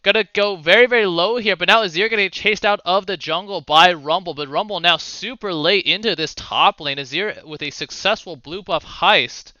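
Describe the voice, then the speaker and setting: A man giving casual play-by-play commentary on a video game match, with quick calls and the odd swear. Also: sits high, pushed and bright, no echo, lo-fi sound. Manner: fast play-by-play with swearing and asides. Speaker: esports caster.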